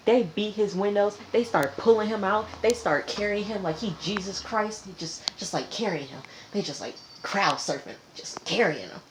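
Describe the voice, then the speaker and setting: A woman giving a casual vlog recap of a TV episode, retelling it dramatically and animatedly, repeating phrases for effect. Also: mid-range voice. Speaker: TV episode reviewer.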